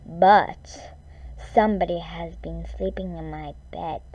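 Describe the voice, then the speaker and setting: A woman voicing a tiny young male baby bear with a squeaky, shrill little voice in a storybook reading. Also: fairly even intonation, slow, a little mellow, breathy edge, muffled recording, full character voice. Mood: upset.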